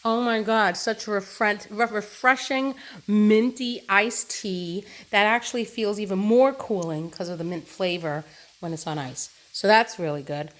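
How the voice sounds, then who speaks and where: A woman's voice: mid-range voice, a little slow. Chatty woman vlogging her produce haul. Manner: chatty, enthusiastic, eats while talking. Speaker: vlogger showing a farm share haul. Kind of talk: casual chatty vlog. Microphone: phone camera.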